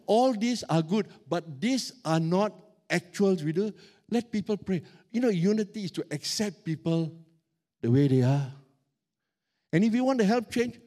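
A middle-aged man preaching a sermon as pastor, animated and emphatic, stretching out key words. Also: on the high side.

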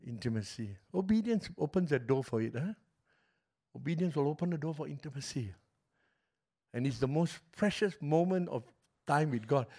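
Pastor, middle-aged man, fairly high voice, passionate sermon delivery. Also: lively intonation, moderate pace, vocal fry, pauses often, breathy edge. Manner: passionate storytelling preacher, swings from loud to hushed.

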